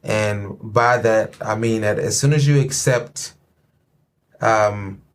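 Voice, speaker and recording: A man's voice: lowish voice, takes it slowly. A man hosting a podcast, chatting in a laid-back, joking way and often repeating himself. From Chicago. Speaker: podcast host. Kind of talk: casual chat.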